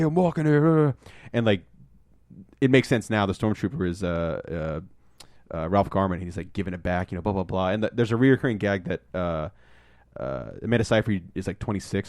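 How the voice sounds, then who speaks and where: Low-voiced man rambling about movies. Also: quick pace, a little mellow, no echo, studio quality. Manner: rambling, lots of ums, acts out movie lines. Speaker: podcast co-host. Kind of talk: casual chat, movie review.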